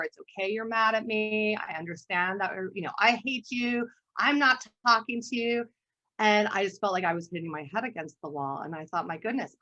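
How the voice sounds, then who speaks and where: A woman art therapist giving an online workshop talk, telling stories in an animated way and often laughing. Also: fairly low pitch, muffled recording. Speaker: guest art therapist presenter.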